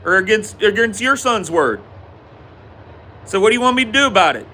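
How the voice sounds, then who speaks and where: A man's voice: sits high, sing-song, a little fast, pushed and bright, slight background noise, voice pushed up, heavily acted. A man voicing a swaggering, dismissive country patriarch who shrugs off blame in a drawling way.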